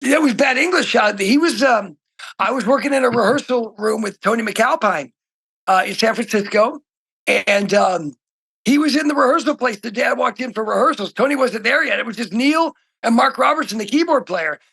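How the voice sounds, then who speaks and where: High, gravelly-voiced middle-aged man, excitable. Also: normal speed. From Oregon. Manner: excitable storyteller, swings from shouting to hushed. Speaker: guest musician. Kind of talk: casual interview chat.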